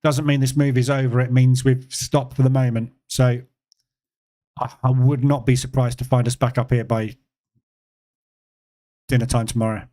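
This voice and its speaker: A man hosts a live trading stream in a relaxed, conversational voice. He speaks at an ordinary mid pitch, repeats words for emphasis and fills pauses with ums and uhs. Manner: relaxed, conversational, answers chat questions; emphatic repetition with frequent fillers. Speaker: trading educator hosting a live session. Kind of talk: live-stream market commentary.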